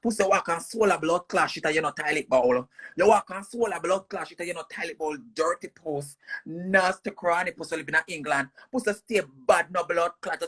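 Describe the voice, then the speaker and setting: A woman's voice: fairly low pitch, normal speed, a bit bright, breathy edge. A woman with a Jamaican accent on a livestream, heatedly cussing someone out in a repetitive, insulting rant. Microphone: phone on a screen-recorded livestream.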